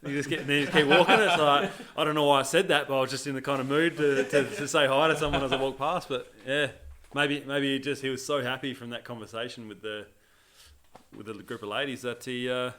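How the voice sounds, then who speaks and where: Animated man, bright forward voice. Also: medium pitch, a little fast. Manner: animated, long run-on thoughts, breaks into laughter. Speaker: podcast co-host. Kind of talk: casual chat.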